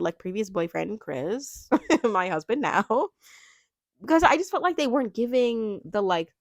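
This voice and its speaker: A young woman chatting casually in a review vlog, gushing and talkative, with many likes and quick laughs. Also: medium pitch, no echo, clean studio sound. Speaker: reality TV reviewer.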